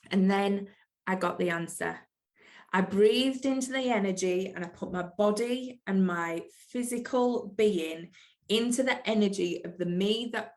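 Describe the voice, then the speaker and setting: A woman hosting her own podcast, speaking in an earnest, emphatic motivational monologue and repeating key phrases for weight. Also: mid-range voice. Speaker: podcast host.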